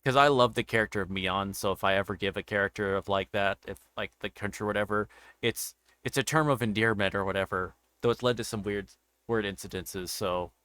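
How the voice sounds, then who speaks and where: A man hosts a relaxed livestream interview, wandering through long, meandering explanations. His voice sits a little low yet comes across bright and clean. It is recorded close up in a dry, dead room. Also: a little fast, clean tone, dry recording. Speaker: interview show host. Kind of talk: casual chat on a livestream.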